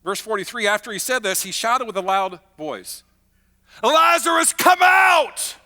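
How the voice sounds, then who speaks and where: A man's voice: sits high, fairly quick, pushed and bright, big-room sound. A man preaching a sermon as pastor, telling the story in a chatty, conversational way with acted-out asides.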